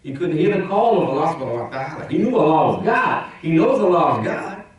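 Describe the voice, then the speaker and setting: Imam preaching friday sermon, kinda high voice, super echoey mosque hall, mic far off. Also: male voice, very animated, fast talker. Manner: conversational preaching, rhetorical questions, swings loud and soft.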